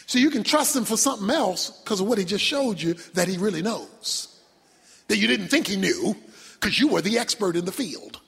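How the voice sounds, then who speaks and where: A male pastor preaching a sermon, emphatic, swinging from shouted points to quiet low asides. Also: animated, moderate pace, gravelly, breathy edge. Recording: long reverb from a large hall.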